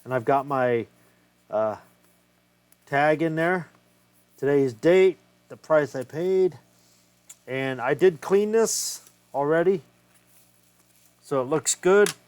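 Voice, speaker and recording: A man's voice: on the high side, animated, slow, pauses often, a little mellow, clean tone, dry recording. A man casually talking through a hands-on repair of an old game cartridge, thinking aloud and swearing freely as he works. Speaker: retro game collector.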